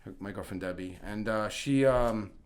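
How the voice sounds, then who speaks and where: A man's voice: lowish voice, normal speed. Rambling storyteller man on a podcast. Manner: rambling storyteller, full of restarts, laughing when acting out quotes. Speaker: podcast guest. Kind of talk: casual chat.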